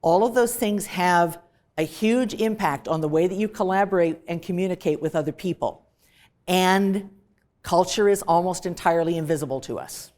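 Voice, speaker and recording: A woman's voice: on the low side, normal speed, darkish tone. Emphatic woman giving a lecture. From Canada. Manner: direct, emphatic, dismissive of clichés. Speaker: professor. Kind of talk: recorded lecture.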